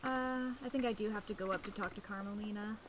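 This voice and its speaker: A woman's voice: mid-range voice, steady tone, fast talker, noisy background. A woman streaming a game, chatting casually and playfully, thinking aloud and humming silly noises. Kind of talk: casual gameplay commentary. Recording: game music behind.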